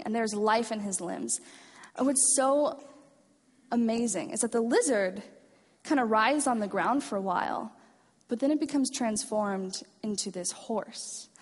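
A woman giving a chapel message to students, earnest and self-deprecating, retelling stories in a hall. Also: medium pitch. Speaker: chapel speaker. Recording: reverberant hall.

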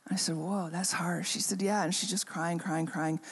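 A woman's voice: lowish voice, steady tone, slightly rough. Woman pastor in a reverberant chapel. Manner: conversational, halting, many fillers and restarts. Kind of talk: storytelling sermon. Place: chapel hall. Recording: long reverb of a chapel hall.

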